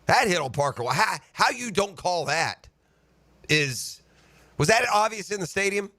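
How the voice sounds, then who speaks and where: A fired-up male sports radio host tears into a game from behind a studio microphone, his voice sitting a little high with a bright, forceful edge. The sound is dry and close, and his ranting swells into shouts. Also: a little slow, no echo. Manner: animated ranting, building to shouts. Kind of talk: sports talk radio commentary. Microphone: studio broadcast microphone.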